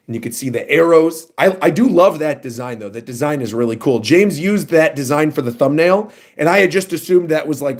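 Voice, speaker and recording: A man on a casual livestream reacting to a new manga chapter. He talks in a fairly high voice and gets excitable and animated as he reads panels aloud and comments.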